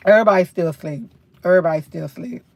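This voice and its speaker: A woman's voice: lowish voice, very fast, darkish tone, dry recording. Chatty New woman livestreaming. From New York. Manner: chatty, repeats phrases, rambling storytelling. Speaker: livestream host. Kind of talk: casual live chat.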